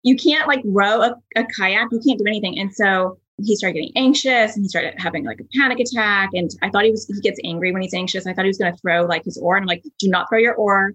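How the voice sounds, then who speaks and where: A husky-voiced woman in her thirties hosts a podcast. She tells stories casually and chattily, full of fillers and asides. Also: medium pitch, quick pace, few pauses, rough recording. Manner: chatty, animated storyteller with many fillers. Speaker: podcast host. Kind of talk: casual conversational storytelling.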